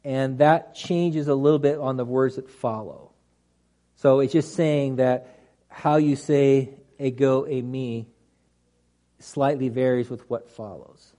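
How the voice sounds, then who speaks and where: A man's voice: medium pitch, steady tone, slow pace, dark tone. A man teaching a Bible study class to a group, talking through the text conversationally with restarts and dry humorous asides.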